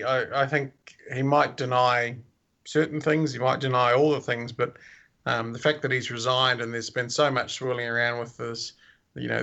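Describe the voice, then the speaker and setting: A man co-hosts a podcast in a gravelly, bright voice. He talks hesitantly and works his thoughts out as he goes. The recording sounds dull and lo-fi. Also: medium pitch. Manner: hesitant, thinking aloud. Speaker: podcast co-host. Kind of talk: casual podcast chat.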